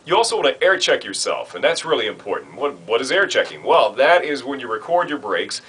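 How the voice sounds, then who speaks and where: A man training new radio announcers, talking in a relaxed, conversational way with frequent fillers. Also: medium pitch, fairly quick, slightly rough, low-quality recording. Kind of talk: instructional talk.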